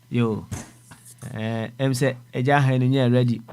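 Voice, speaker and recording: A man with a Ghanaian accent hosting a call-in radio show, speaking calmly with many fillers as he moves between callers. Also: medium pitch, unhurried, clear, resonant tone. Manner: calm, hesitant, many fillers. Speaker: radio host.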